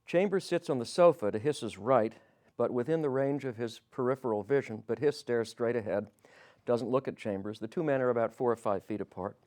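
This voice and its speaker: Narrating a history podcast, a man speaks fairly quickly in a medium-pitched, darkish voice. He gives quoted dialogue light shifts of tone, and now and then he slips and corrects himself.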